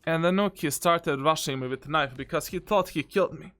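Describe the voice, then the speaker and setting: A man commentating on his own gameplay as a coach. He is excitable and boastful and keeps calling the viewer bro. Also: fairly high pitch, a little fast. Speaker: game coach reviewing his own match.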